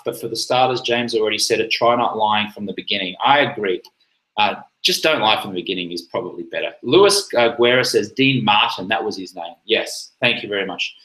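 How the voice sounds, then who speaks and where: A man's voice: medium pitch, fairly quick, a bit bright, reverberant, rough recording. A man hosting a live chat, telling a personal story in a rambling, casual way with many fillers and restarts. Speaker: livestream host.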